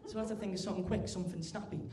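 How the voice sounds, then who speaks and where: A teenage man doing a stand-up comedy routine, chatty, tagging lines with "right?" and getting loud when acting out scenes. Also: high voice, fairly even intonation, racing, slight background noise. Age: teens. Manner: chatty, keeps asking "right?", bursts loud for acted bits. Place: large comedy club stage. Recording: echoey live club room.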